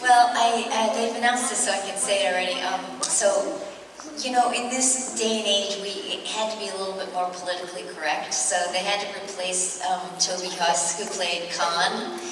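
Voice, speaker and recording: Female panelist, chatty and easygoing, clear background noise. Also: medium pitch, fairly even intonation, moderate pace. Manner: chatty, warm-hearted, with many fillers and restarts. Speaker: voice actress on a convention panel. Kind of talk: casual panel Q&A. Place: large convention hall. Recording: echoey hall recording from far off.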